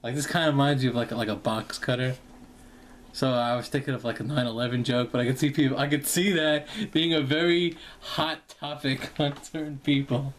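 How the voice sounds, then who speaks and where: A man with fairly even intonation talks briskly over a faint hiss or hum. He's a vlogger casually rambling through a product review, packed with ums and likes. He jokes around and slips into short acted-out bits of imagined dialogue, doing them in high squeaky voices.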